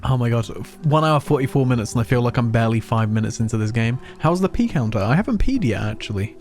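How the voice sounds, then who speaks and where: A man talks at an ordinary mid pitch while streaming a game, rambling and poking fun at himself in loose, casual chatter. Faint game music runs underneath his voice. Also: animated, fast talker, darkish tone. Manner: chatty, rambling, self-mocking. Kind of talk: casual let's play commentary.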